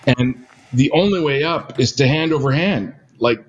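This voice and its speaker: An older man tells an adventure story in a loose, rambling way at a middle pitch. He leans on fillers and pokes fun at himself as he goes. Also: moderate pace. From Canada. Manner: rambling, many fillers, self-mocking. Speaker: guest storyteller. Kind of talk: casual storytelling.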